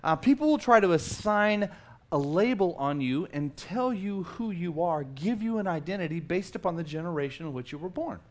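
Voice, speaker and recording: A man in his forties from South Texas, preaching a sermon in an animated, conversational way with self-mocking humor. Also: high voice, moderate pace. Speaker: pastor.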